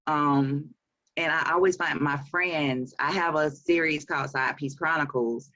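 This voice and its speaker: A woman's voice: low-pitched, fairly even intonation, a little slow, sharp tone, no echo. Woman, Southern accent, forties, chatty interview guest, muffled dull dry recording. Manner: chatty, laughs often, many fillers. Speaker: author and publisher. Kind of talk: casual interview.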